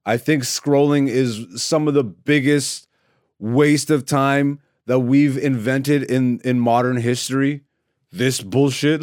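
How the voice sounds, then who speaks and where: A man's voice: mid-range voice, fairly even intonation, slow, darkish tone, dry recording, clean studio sound. A man hosting a podcast on his own, ranting in a profane, rambling, mocking way. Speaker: podcast host. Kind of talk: solo comedic rant. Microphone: studio mic.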